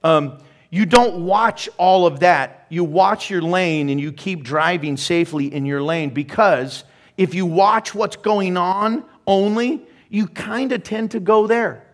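A man's voice: high-pitched, takes it slowly. A middle-aged male pastor preaching a sermon in a conversational way, with laughing asides and growing emphasis.

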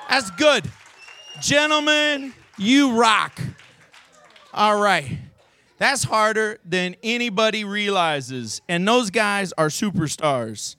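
A man's voice: high voice, animated, slow pace, pushed and bright, a faint crowd. A man leading a youth sermon, playful and goading, calling out exercise cues to volunteers before an audience.

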